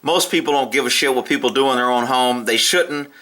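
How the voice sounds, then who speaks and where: A man's voice: medium pitch, fairly quick, sharp tone. A man who works as a police officer, talking casually to camera in a blunt, profane way and often laughing. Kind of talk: casual opinion rant to camera.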